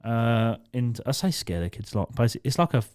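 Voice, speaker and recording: A man's voice: mid-range voice, big pitch swings, fast, a little mellow. A young man co-hosting a podcast, telling a story in casual chat, swearing a lot and laughing as he goes. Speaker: podcast co-host.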